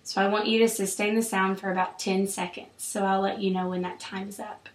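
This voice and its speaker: A woman clinician calmly guiding a patient through an oral exam, with steady, encouraging instructions. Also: mid-range voice, a little fast. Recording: roomy echo.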